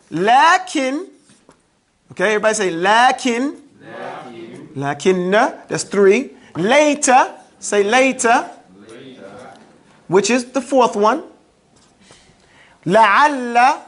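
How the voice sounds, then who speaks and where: A teacher giving a classroom grammar lesson, prompting students to repeat words and explaining with everyday examples. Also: medium pitch. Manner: call-and-response prompting, plain everyday examples.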